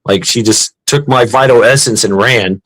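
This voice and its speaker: A man's voice: mid-range voice, moderate pace, fairly bright tone, low-quality recording. A middle-aged American man telling crude, profane stories in casual chat, rambling and laughing at himself. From United States.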